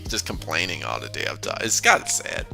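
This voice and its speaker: A man's voice: low-pitched, wildly swooping pitch, normal speed, gravelly, music in the background. A man hosting a casual philosophy talk, rambling with frequent restarts and chuckling often between points. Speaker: host of a philosophy discussion channel. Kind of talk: casual conversational monologue.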